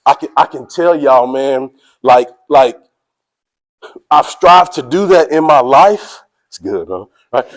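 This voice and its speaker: A man giving a motivational speech to a sports team, energetic and preachy, speaking in casual slang and calling out to his listeners. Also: medium pitch, slow pace, poor audio. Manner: casual slang, drawls "y'all".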